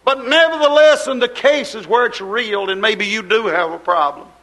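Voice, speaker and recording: A man preaching a sermon in an impassioned, rhythmic, repetitive way, with folksy colloquial grammar, swinging between raised exhortation and quiet asides. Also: high voice, moderate pace, poor audio.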